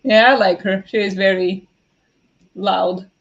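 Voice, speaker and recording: A woman's voice: medium pitch, steady tone, slow. A woman from Slovakia, chatting casually with live viewers during a reading stream, rambling with lots of fillers. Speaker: streamer hosting reading sprints. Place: home. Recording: dull lo-fi sound.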